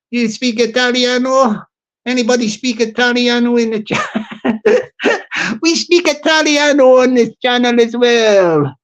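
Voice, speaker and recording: A man's voice: very high-pitched, lively intonation, measured pace, a bit bright. A man hosting a casual livestream, rambling and jokey, laughing often and restarting his sentences. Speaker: channel host.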